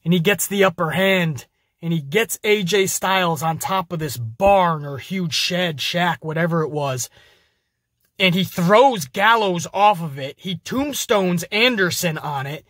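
Podcast host, high voice, dry sound, excitable and swears freely. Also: male voice, measured pace, no echo. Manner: energetic, profane storytelling. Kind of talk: casual wrestling show review.

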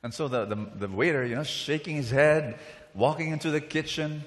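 A man's voice: a little high, moderate pace, a bit bright. A man preaching to a crowd, speaking emphatically and calling for their responses. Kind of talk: sermon. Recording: reverberant hall.

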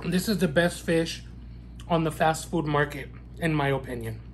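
A food vlogger, a man with a voice on the high side, reviews fast food in a mukbang eating vlog. He's sassy and playful, savoring each bite with frequent mms and wows, over slight background noise.

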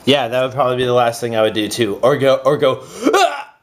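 A man's voice: medium pitch, fairly even intonation, fast. A young man co-hosting a comedy show, bantering goofily and often squealing in mock alarm. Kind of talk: goofy casual banter.

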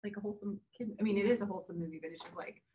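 A woman's voice: medium pitch, very fast, warm tone, highs cut off, slight background noise. A woman co-hosting a podcast, chatting casually with many fillers. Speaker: podcast co-host. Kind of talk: casual chat.

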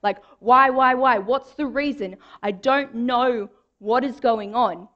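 A woman's voice: fairly high pitch, animated, a little slow, highs cut off. A woman voicing Job, a suffering man crying out with pleading, raised questions. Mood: anguished.

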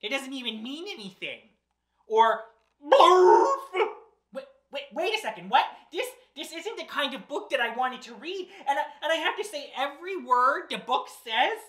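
A woman's voice: high voice, big pitch swings, moderate pace, sharp tone. Playful woman reading aloud to children. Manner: playful, mock-exasperated, theatrical. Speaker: drag storytime host. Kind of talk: children's storytime read-aloud. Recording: roomy echo.

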